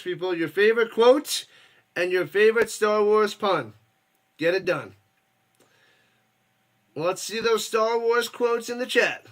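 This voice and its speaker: High, bright-voiced excitable male game commentator. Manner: excitable, yells on big plays, chats with viewers. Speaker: watch-party streamer and host. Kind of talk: casual live play-by-play commentary.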